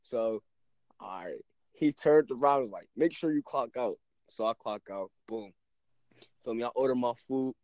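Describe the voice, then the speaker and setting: A man's voice: medium pitch, moderate pace, darkish tone, no echo. Laid-back young man, dry close sound. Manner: laid-back, rambling, self-interrupting. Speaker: storyteller. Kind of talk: casual chat.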